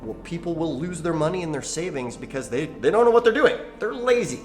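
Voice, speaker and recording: A man hosting his own channel, teaching investing to camera in an animated, folksy storytelling way. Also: fairly high pitch, a little fast, soft background music. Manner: animated, folksy, acts out quoted dialogue. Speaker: channel host, real estate investing educator.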